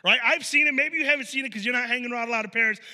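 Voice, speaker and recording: High, bright-voiced preacher in a reverberant church. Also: male voice, racing. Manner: animated storytelling with playful acted-out quotes; casual speech with many "like" fillers and restarts. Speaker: pastor. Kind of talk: conversational sermon. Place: church sanctuary.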